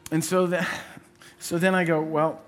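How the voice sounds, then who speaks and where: An earnest man in his thirties preaches to his congregation, slipping easily from big declarations into a chatty family story. His voice sits a touch high. A soft bed of music plays faintly behind him. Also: level tone, moderate pace. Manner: earnest and conversational, acting out quotes. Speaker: pastor. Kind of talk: sermon with personal story.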